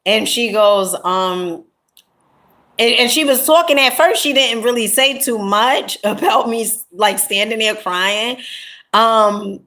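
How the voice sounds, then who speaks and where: A woman's voice: a little high, slow, pushed and bright. A woman vlogger telling a story in a casual, rambling way, with many fillers and restarts, calling her viewers pet names like honey and my love. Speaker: content creator.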